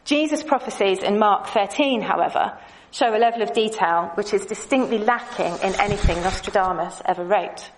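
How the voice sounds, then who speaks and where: A Bible teacher, a woman, gives a lesson in a measured, explanatory manner, her pitch in an ordinary middle range. She speaks clearly and pauses to point things out on her slides, occasionally tossing a light aside to her audience. The audio quality is poor.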